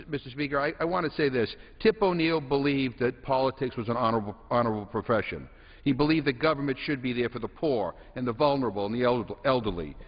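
A man serving as a congressman giving an earnest, heartfelt floor speech with small restarts. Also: medium pitch. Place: legislative chamber. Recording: dull sound in a reverberant chamber.

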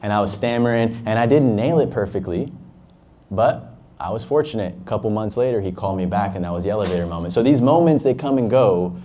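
Low, mellow-voiced man telling motivational stories. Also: lively intonation, quick pace. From Harlem, New York. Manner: emphatic, motivational storytelling with casual swearing. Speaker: entrepreneur, interview guest. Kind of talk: fireside chat.

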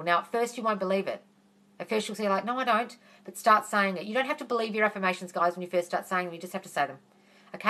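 A manifesting coach hosts a live Q&A, answering viewers in a chatty, reassuring way and calling them darling. Her mid-range voice is a bit bright, and she talks fast.

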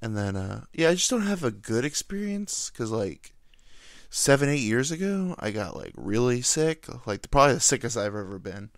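A young man chats on his own podcast in a loose, rambling way, poking fun at himself. His pitch swings up and down a lot as he talks, and the sound is close and dry, with no room echo. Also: sing-song, normal speed. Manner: rambling, self-deprecating, jokey. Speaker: podcast host. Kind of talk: casual solo chat.

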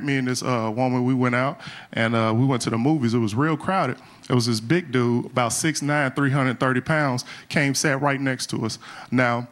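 A middle-aged man doing a live stand-up routine on a club stage, talking in a loose, conversational way and often tagging lines with "man.". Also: mid-range voice. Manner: conversational, drawn-out "man" tag, acts out quotes. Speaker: stand-up comedian. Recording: live club recording with crowd and noise. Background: audience laughter.

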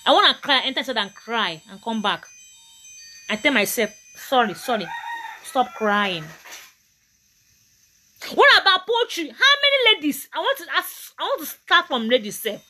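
A woman's voice: sits high, big pitch swings, fairly quick, bright, forceful tone. A Nigerian woman giving a motivational talk to camera, emphatic and preachy, often repeating her points. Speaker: motivational vlogger.

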